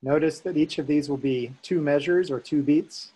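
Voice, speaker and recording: A man teaching a Sanskrit lesson, calmly explaining sounds and chanting tones for students to repeat. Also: a little high, moderate pace, hardly any pauses, breathy edge, highs cut off. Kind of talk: slow guided chanting lesson.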